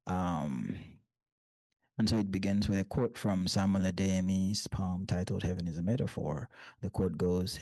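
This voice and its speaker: A man, a poet giving a bookstore reading and reciting in measured, deliberate short phrases. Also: sits low, darkish tone, no echo. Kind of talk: poetry reading with spoken asides.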